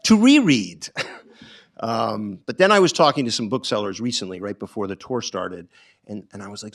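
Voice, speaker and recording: Low-voiced middle-aged man musing aloud. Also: lively intonation. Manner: reflective, halting, with frequent ums and restarts. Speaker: author. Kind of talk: bookstore author talk. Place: bookstore event.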